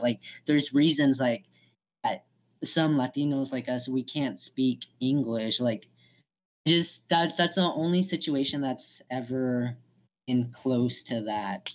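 A man's voice: mid-range voice, moderate pace, poor audio. A young man in a casual group conversation, speaking hesitantly with many fillers. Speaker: discussion participant.

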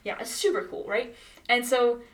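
A woman's voice: fairly high pitch, steady tone, moderate pace, far from the mic. A young woman telling stories in casual chat, rambling with many fillers and bursts of laughter.

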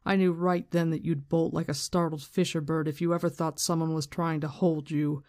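A calm, commanding woman in charge, as a reader gives her lines from a fantasy novel, firm and unhurried. The voice sits at a middle pitch, and each line is measured. It is a plain reading without much put-on voice. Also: natural voice. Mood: stern. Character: stern powerful woman leader, calm, commanding.

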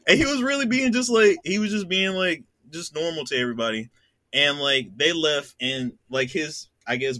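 Bright-voiced young man telling a story. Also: on the high side, no room sound. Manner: laughs a lot, acts out voices in his anecdote. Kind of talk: casual storytelling chat.

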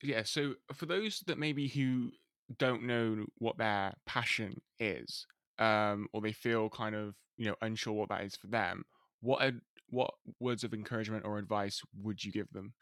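A man's voice: fairly low pitch, unhurried, a bit bright, no echo, studio quality. A man hosting an interview, asking questions hesitantly with lots of fillers. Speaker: interviewer, host.

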